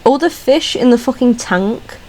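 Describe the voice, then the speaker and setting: A young British woman hosting a casual ranking video, talking in a scattered, swearing, laughing way and now and then breaking into squeaky voice stims. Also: animated, moderate pace, warm tone, rough recording. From Britain. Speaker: video host. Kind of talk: casual solo ranking chat.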